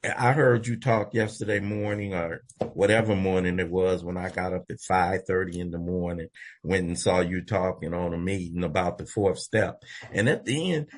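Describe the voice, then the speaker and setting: Man from Los Angeles, recovery podcast co-host, earnest and preacherly, raspy, low voice. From Los Angeles, USA. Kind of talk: conversational sharing.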